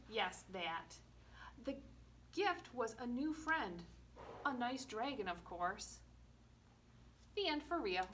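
A woman librarian reading a picture book aloud at a children's storytime, slow and expressive with playful asides. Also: fairly high pitch. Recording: distant mic with faint room noise.

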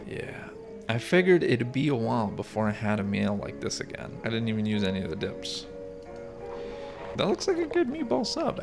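Gamer guy, gravelly, snarky running commentary over loud game music. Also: lowish voice. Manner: sarcastic, talks back at game characters. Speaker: gaming YouTuber. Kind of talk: let's play commentary.

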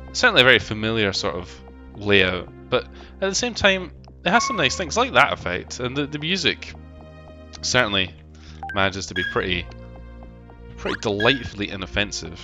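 A man's voice: fairly low pitch, lively intonation, moderate pace. A man with a London accent chatting casually and joking while he streams a game and reads out chat messages. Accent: London English. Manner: rambling, jokey, swears casually, reads out chat. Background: game music.

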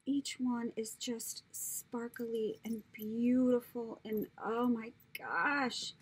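A woman's voice: high-pitched, slow pace, darkish tone, low-quality recording. A woman gushing over craft supplies she received in the mail, gasping and often dropping into a whisper as she talks. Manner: gushing, breathy gasps, drops into whispers. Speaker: crafter opening happy mail. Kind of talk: casual unboxing chat.

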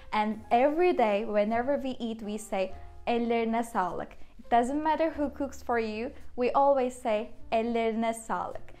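A woman's voice: fairly high pitch, a little mellow. A young woman with a Turkish accent, a native Turkish speaker, chattily teaching common phrases with examples. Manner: chatty and upbeat, explains with examples. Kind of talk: casual video lesson.

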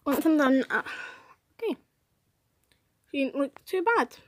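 Young woman, high-ish voice, casual self-deprecating chatter, faint background noise. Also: unhurried. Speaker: vlogger. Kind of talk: casual drawing commentary.

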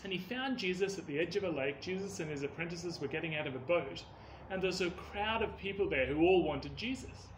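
Slightly high-voiced, earnest male storyteller. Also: fairly quick, slight background noise. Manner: earnest, expressive rises on key words. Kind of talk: children's story narration. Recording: echoey room.

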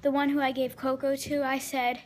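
A woman with a high voice talks to her viewers in a loose, rambling way, full of ums and false starts. She vlogs casually at home, moving around the house as she talks, with a faint hum of room noise behind her. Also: flat delivery, moderate pace. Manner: rambling, chatty, many fillers and restarts. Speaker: vlogger. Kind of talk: casual vlog chat.

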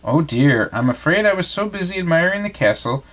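A refined lady friend who speaks fondly and politely, calling others dear, as a father reads her lines. Her voice stays gentle and well-mannered. She sounds warmly attached to her friends. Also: on the high side, big pitch swings, a little fast, voice pushed up. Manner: fond and polite.

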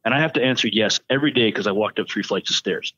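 A man's voice: lowish voice, fast talker, pushed and bright, husky, no echo. A middle-aged man co-hosting a podcast, trading joking, self-deprecating banter. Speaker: podcast co-host. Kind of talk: casual chat. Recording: slightly dull lo-fi audio.

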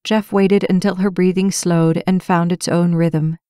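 A woman's voice: fairly low pitch, little pitch movement, measured pace, mellow, clear, resonant tone, no echo, clean studio sound. Woman narrating a romance audiobook. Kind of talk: scripted narration.

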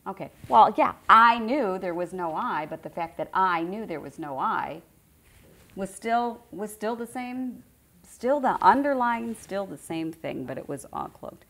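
Low gravelly woman teaching. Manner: conversational, repeats phrases for emphasis. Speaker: spiritual teacher. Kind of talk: informal spiritual teaching to a group.

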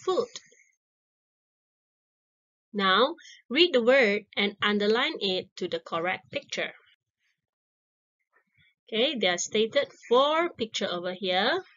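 A woman teaches young children a simple English lesson, repeating every word and praising their answers. Her medium-pitched voice is bright and forceful, and she encourages them by drawing words out and saying them twice. The recording has its highs cut off.

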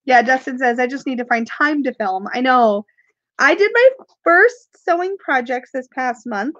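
Chatty woman w/ a cough rambling on a live stream, high voice, kinda dull muffled audio. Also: animated, normal speed, a bit bright, no room sound. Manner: rambling, chatty, laughs often, reads viewer comments aloud. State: has a cough, sucking cough drops. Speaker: tarot video creator doing a live unboxing. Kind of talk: casual live-stream chat.

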